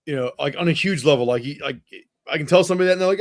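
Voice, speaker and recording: Profane, animated co-host man, dry sound. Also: a little high, very fast, no echo. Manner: animated, profane, tumbling phrases. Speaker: podcast co-host. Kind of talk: casual chat.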